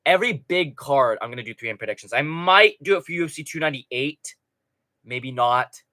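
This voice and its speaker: A man's voice: medium pitch, animated, brisk, sharp tone. A man hosting a live stream in casual, profane, rambling chat, reading out viewer comments. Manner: rambling, profane, chatty with frequent restarts.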